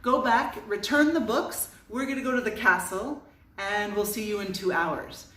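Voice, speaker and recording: A woman voicing a scatterbrained aunt who gives brisk, bossy orders, pitched a little higher than her own voice. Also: fairly bright tone, close to an everyday voice. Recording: roomy sound from a distance.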